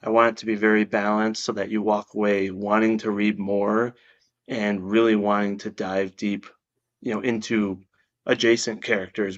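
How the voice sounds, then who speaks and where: Earnest man on dull lo-fi call audio. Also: lowish voice. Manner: earnest, measured, explanatory. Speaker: guest author. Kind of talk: interview answers.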